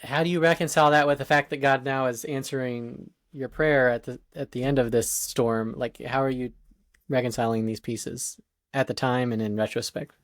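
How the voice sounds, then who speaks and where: A man's voice: medium pitch, steady tone, normal speed, dry recording, studio quality. A male podcast host asking reflective, probing interview questions.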